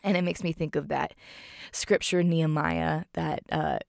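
A woman's voice: deep voice, fairly even intonation, moderate pace, gravelly, no room sound, clean studio sound. A woman recapping a film in casual talk, heartfelt and rambling with many fillers. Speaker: film reviewer.

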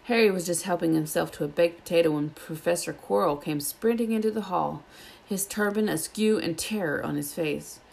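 A woman reads a children's novel aloud with steady, plain narration. Her voice is low and carries a gravelly fry. She keeps an even reading pace. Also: normal speed. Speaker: storybook reader.

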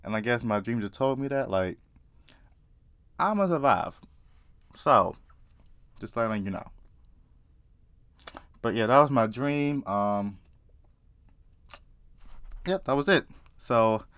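A man casually telling a story to camera, profane and excitable, often laughing. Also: mid-range voice, slow, pauses often, clear, resonant tone, dry recording. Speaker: vlogger.

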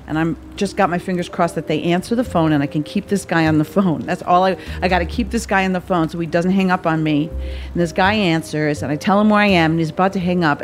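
Woman telling a dramatic personal story. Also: mid-range voice. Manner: vivid, dramatic storytelling, acting out her own panicked pleas. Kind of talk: personal story told to an audience.

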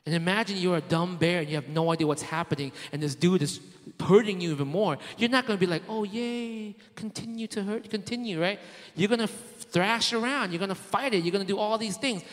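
A man's voice: sits high, quick pace, hardly any pauses, long reverb tail. A man preaching a sermon in a conversational way, asking his listeners rhetorical questions and tossing in casual fillers. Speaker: pastor.

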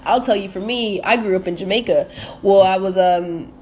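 A woman's voice: medium pitch, moderate pace, darkish tone, slight background noise. A woman from the States, hosting a motivational podcast and repeating phrases for emphasis. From southern United States. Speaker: podcast host.

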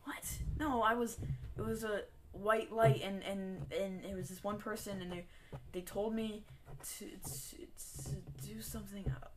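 A woman's voice: mid-range voice, steady tone, measured pace, noisy background. A woman player in a tabletop game, making confused, stammering protests in character.

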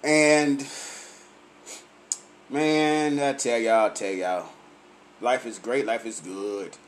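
A tipsy man, laughing often, on a loud and profane comic rant to his camera. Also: medium pitch, slow pace, a little hiss or hum. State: tipsy from drinking. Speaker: vlogger.

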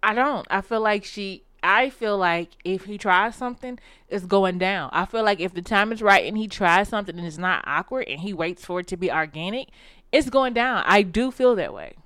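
A woman's voice: medium pitch, expressive, normal speed, fairly bright tone, dry recording, clean studio sound. A woman co-hosting a podcast recap, chatting casually, laughing often and restarting her sentences. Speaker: podcast co-host.

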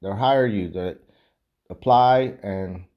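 A man's voice: lowish voice, takes it slowly, dull audio. A man ranting in a casual, rambling way and swearing constantly while drinking beer. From United States. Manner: profane, rambling, heavy swearing.

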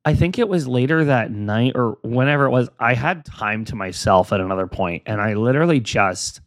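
A man's voice: mid-range voice, animated, moderate pace, dry recording, studio quality. A young adult man hosting a casual solo podcast, rambling and self-deprecating while he encourages his listeners. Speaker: podcast host.

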